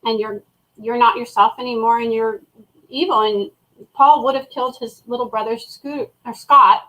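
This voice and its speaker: Female co-host, higher voice, outspoken, casual live review. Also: fairly even intonation, normal speed, sharp tone, low-quality recording. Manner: blunt, opinionated, swears freely.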